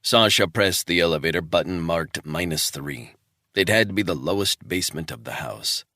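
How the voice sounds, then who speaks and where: A man narrating a thriller audiobook with steady, measured storytelling. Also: low voice, no echo, studio quality. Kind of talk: scripted narration.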